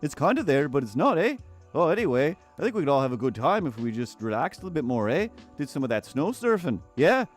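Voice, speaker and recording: A man's voice: a little high, very animated, fast, soft background music. A man voicing Ted, a laid-back surfer guy with a put-on Canadian accent that drifts toward Irish or Scottish, who keeps tacking on "eh". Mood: chummy, laid-back. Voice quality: ends sentences with a chummy "eh". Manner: easygoing and chatty, urging everyone to relax.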